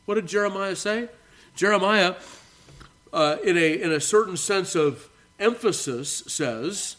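Man preaching in church, kinda high voice, slows way down on big words, calls everyone beloved. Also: animated, a bit bright. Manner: earnest preaching with emphatic slowdowns on key words; addresses the congregation as beloved. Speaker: pastor. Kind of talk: sermon.

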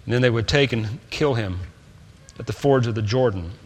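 A man preaching a sermon, swinging between loud, stressed points and quiet asides. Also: mid-range voice, moderate pace, big-room sound.

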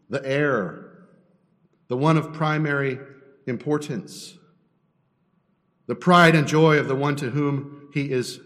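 Male pastor, middle pitch, teaching sermon with rhetorical questions, recorded in a reverberant sanctuary. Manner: teaching, asks rhetorical questions, builds in emphasis. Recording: long reverb in a hall.

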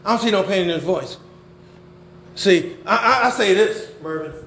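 An older man preaching a sermon, swinging between loud emphasis and low murmurs. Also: lively intonation, normal speed, roomy sound, a little hiss or hum. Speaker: pastor.

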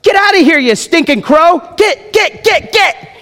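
A man playing an old patriarch who shouts at crows in exasperation, in a church. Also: extremely high pitch, expressive, measured pace, in a large hall, pitched above the performer's own voice, full character voice. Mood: exasperated. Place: church sanctuary.

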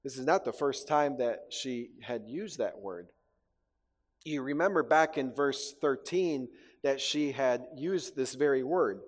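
A man's voice: mid-range voice, expressive, unhurried, in a large hall. A male pastor preaching a sermon in an earnest way, often repeating words as he goes. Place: church.

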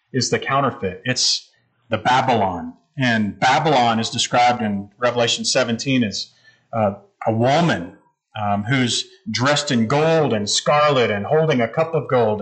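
A man's voice: mid-range voice, fairly bright tone, low-quality recording. Man preaching a conversational sermon. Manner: explanatory, conversational preaching with scripture quotes. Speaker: pastor.

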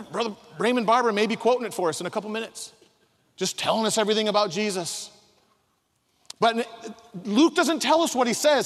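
A man preaching a sermon, emphatic, swinging from soft asides to loud acted-out quotes. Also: sits high. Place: large hall. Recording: long hall reverb.

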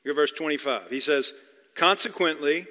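A man preaching a verse-by-verse sermon, his voice bright and forceful as it rings through a large church hall. He drives his points home by repeating phrases and asking the congregation questions. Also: fairly high pitch, moderate pace. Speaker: pastor. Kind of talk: expository sermon. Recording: long hall reverb.

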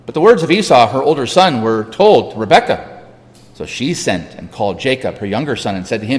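A man reading scripture aloud in a measured way, with small restarts, heard with a long hall reverb. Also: mid-range voice, sing-song. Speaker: scripture reader.

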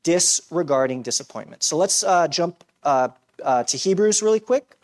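A man's voice: fairly high pitch, lively intonation, normal speed, darkish tone. Man pastor, casual conversational sermon delivery with self-deprecating humor. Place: church.

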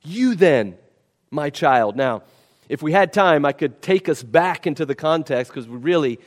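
A man's voice: a little high, moderate pace. A man preaching a sermon, emphatic and repeating key words for stress. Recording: long reverb of a large hall.

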